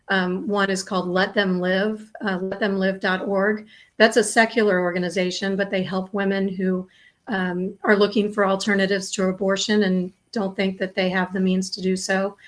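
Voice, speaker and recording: A woman appearing as a podcast guest, her voice pitched around the middle for a woman. She lays out her views in an earnest, steady way. She often pauses on "um" and "you know" as she thinks. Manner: earnest and measured, with many "um" and "you know" fillers. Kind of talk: casual conversational interview.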